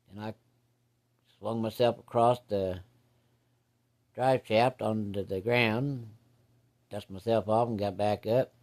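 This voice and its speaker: A man's voice: medium pitch, a little mellow. A man telling a rambling, plainspoken story from his childhood in casual, salty farm slang.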